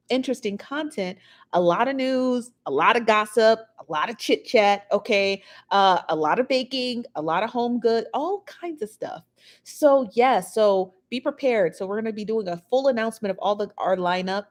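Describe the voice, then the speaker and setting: A woman's voice: medium pitch, a little mellow. A woman hosting a live gossip show, chatting casually, greeting viewers by name and laughing often, seated at home on a built-in device mic. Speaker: livestream gossip show host. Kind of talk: casual live-chat talk. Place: seated at home in a squeaky chair.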